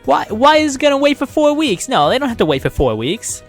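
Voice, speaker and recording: A young man hosting a let's play, reading game text aloud and joking around in an animated way. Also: very high-pitched, soft background music. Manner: animated, jokey, quick to laugh.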